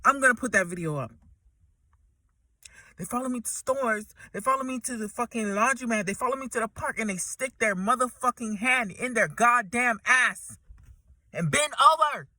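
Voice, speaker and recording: A woman's voice: fairly high pitch, lively intonation, moderate pace, bright, forceful tone, no echo. A woman ranting emotionally to her camera from inside a parked truck, agitated and swearing heavily, often repeating herself. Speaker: vlogger. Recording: voice somewhat far from mic.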